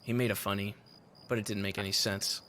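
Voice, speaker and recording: A man's voice: lowish voice, flat delivery, fairly quick, sharp tone, slight background noise. A man chatting on voice chat while gaming, laughing often and swearing when things go wrong. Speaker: gamer on voice chat.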